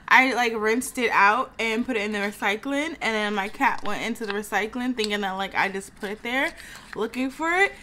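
A woman's voice: on the high side, sharp tone, a little hiss or hum. A young woman vlogging casually, venting in a chatty way, full of "like" and sighs. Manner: venting, chatty, heavy use of "like", frequent sighs. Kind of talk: casual vlog chat.

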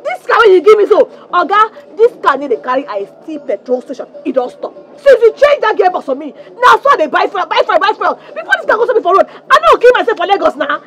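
A shrill drama queen with a Nigerian accent, ranting in a very high voice that swings wildly up and down. She keeps repeating herself and turns on tears at will in this film scene. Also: sing-song, fast, few pauses. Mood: quarrelsome. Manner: loud, repetitive ranting in Nigerian Pidgin. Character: loud theatrical young woman, quarrelsome and fake-tearful. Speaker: scheming woman demanding a refund. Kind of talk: Nollywood film acting.

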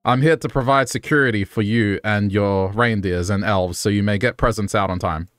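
A man casually streaming a game, playful and jokey while pitching silly schemes. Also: moderate pace, a bit bright, no echo, soft background music. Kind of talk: casual gaming stream chat.

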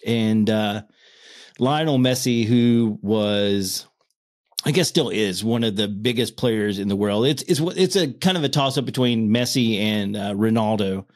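Low-voiced excitable man chatting. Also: measured pace. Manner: stutters and restarts when excited, laughs often. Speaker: podcast co-host. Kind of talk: casual chat.

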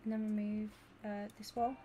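A woman, chatting casually and excitably with viewers during a gaming stream. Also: medium pitch, moderate pace, a little hiss or hum. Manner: excitable and gushing, chatting with viewers while she plays. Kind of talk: casual live-stream chat.

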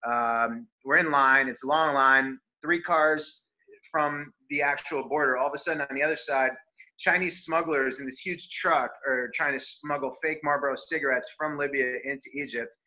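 A man's voice: mid-range voice, normal speed, rough recording. A man from the United States, a guest on a video call, telling a travel story in casual chat full of fillers. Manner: animated anecdote-telling with many fillers.

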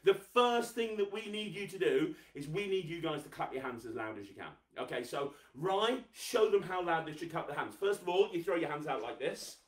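A man hosting a live children's magic show, energetic, coaxing and teasing as he gets the viewers to clap and cheer. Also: fairly high pitch, normal speed, few pauses, roomy sound, recorded from a distance. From England. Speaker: host, magician.

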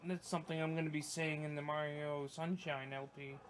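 A young man commentating his gameplay, swearing a lot and breaking into yelps and shouts when things go wrong. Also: a little high, little pitch movement, a little fast, slight background noise. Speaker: gaming YouTuber. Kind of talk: let's play commentary.

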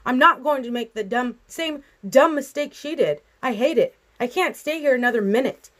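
A woman reading a storybook voicing a desperate teenage girl who shouts through tears. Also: high-pitched, moderate pace, voice pushed up. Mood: tearful anger.

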